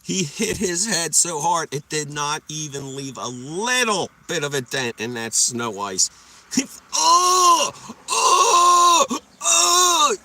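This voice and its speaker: A young man is livestreaming, telling rambling stories to his viewers, cursing freely and laughing at his own anecdotes. His bright, forceful voice swings widely in pitch with lively intonation. He talks a little slowly with few pauses, in a casual storytelling style.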